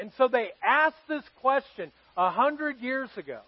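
A man's voice: very high voice, expressive, measured pace, few pauses, dry recording, highs cut off. A man preaching a sermon to his congregation as pastor, telling stories in a conversational way and asking the audience questions. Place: church service with live congregation.

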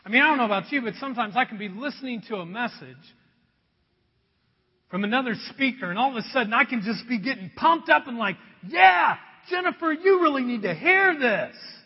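A high-voiced man preaching with a lively, swooping delivery. His voice is a little husky, and it rings with a long reverb as if he is in a big hall. The sound is slightly dull and lo-fi. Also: quick pace. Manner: animated, conversational preaching with acted-out voices. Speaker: pastor. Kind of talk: sermon.

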